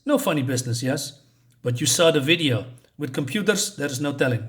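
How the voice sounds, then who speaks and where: A man's voice: mid-range voice, unhurried, long pauses. A man reviewing a comic book in a casual vlog, chatty and enthusiastic, with many fillers.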